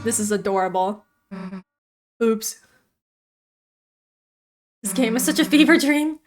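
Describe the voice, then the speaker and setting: A young woman streaming a game, giving excitable, playfully scared commentary. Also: fairly high pitch, slow pace.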